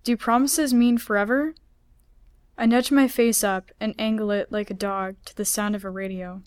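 A woman author reading her own story aloud in a measured, unhurried way. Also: medium pitch, steady tone, darkish tone, clean tone, no room sound. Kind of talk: literary reading.

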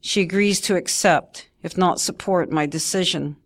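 Woman narrating a memoir in a low voice. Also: moderate pace.

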